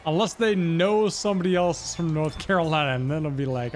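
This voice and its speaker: A man's voice: on the high side, quick pace, hardly any pauses, soft background music. A man livestreaming a game, rambling and musing as he talks to his chat in casual commentary. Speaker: gaming livestreamer.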